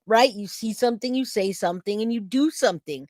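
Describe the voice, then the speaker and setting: A middle-aged woman hosting a true crime livestream, chatting casually and telling a story with lively acted-out quotes. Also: fairly high pitch, a little fast, dry recording, clean studio sound. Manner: chatty, animated storytelling, acts out quoted voices.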